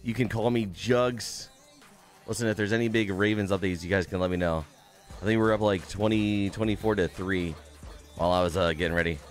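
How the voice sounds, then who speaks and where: Over soft background music, a young streamer with a deep voice talks fast with fairly even intonation. His casual live-stream chat during a game is upbeat, with viewers greeted by name and the occasional curse.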